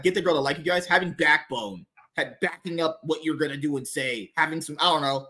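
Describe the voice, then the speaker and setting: Podcast host, man, slightly high voice, blunt and sarcastic, swears freely. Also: fast, hardly any pauses, pushed and bright. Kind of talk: casual podcast chat.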